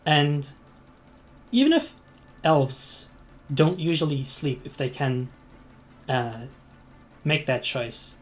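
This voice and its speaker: A man's voice: a little high, slow pace, soft background music. A man narrating a tabletop game as game master, hesitant and full of ums and restarts.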